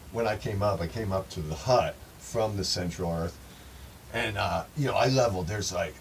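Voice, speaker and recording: A man telling a rambling first-person story to his viewers, emphatic and profane, often calling them folks. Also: on the low side. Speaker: channel host. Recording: distant mic with faint background noise.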